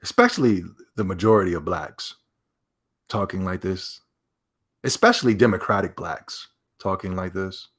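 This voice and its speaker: A man's voice: deep voice, normal speed, fairly bright tone. A man streaming casual commentary, emphatic and sarcastic, rambling as he reacts to a clip.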